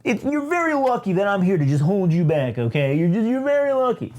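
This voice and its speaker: A man's voice: high voice, big pitch swings, fairly quick, darkish tone, a little hiss or hum, voice pushed up. A man voicing a patronizing old male chancellor in a casual comic retelling. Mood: smug.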